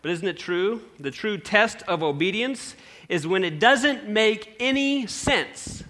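Animated storytelling preacher man. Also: high-pitched, slow. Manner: animated, addresses the congregation with questions. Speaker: pastor. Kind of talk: sermon storytelling.

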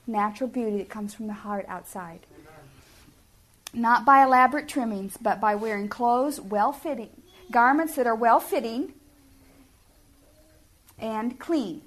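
A middle-aged woman speaks at a family ministry talk, giving parents an earnest, homey, sermon-style address and often putting questions to them. Her voice is a little high and fairly bright, and she moves at a measured pace with frequent pauses.

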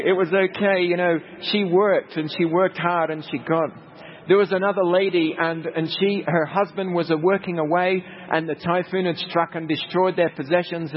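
A middle-aged Australian missionary preaches to a congregation through chatty, anecdotal stories with humorous asides, his voice a bit high. The recording is dull, muffled and lo-fi, echoing in the hall with faint noise.

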